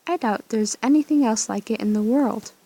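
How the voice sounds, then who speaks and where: A woman voicing an older male inventor in a story game, measured and slightly wry. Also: fairly high pitch, dark tone, breathy edge. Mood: impressed.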